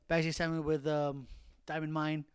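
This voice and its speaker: A man's voice: fairly high pitch, level tone, moderate pace, smooth, no room sound, clean studio sound. A man co-hosting a podcast, joking casually about wrestling and laughing a lot. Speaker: podcast co-host.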